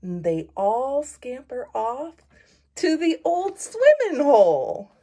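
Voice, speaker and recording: A woman reading a picture book aloud for story time, in a slow, expressive storytelling manner. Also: sits high. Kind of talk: children's read-aloud.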